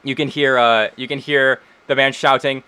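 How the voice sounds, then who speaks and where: A man's voice: mid-range voice, steady tone, normal speed, pushed and bright, clean tone, no echo. A man narrating as game master in a tabletop game, speaking casually with many fillers.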